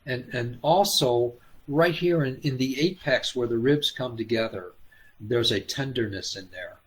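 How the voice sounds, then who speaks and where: A man hosting a live healing stream, talking gently and haltingly with many fillers, coaxing viewers by name. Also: medium pitch, breathy edge. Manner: coaxing, addresses viewers by name and calls them hon. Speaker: spiritual healer hosting a live Q&A.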